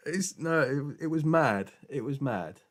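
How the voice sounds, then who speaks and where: A British man hosting a casual live stream Q&A, chatty and laughing often, with stammering restarts and jokey mock voices when quoting people. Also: medium pitch. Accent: British English. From Britain.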